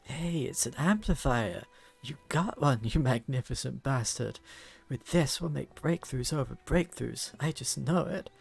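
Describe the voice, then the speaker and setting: A man voicing an excitable young woman inventor who talks in eager, loud bursts. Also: mid-range voice, takes it slowly, gravelly, breathy edge, faint music behind, heavily acted. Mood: excited. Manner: eager, exclamatory.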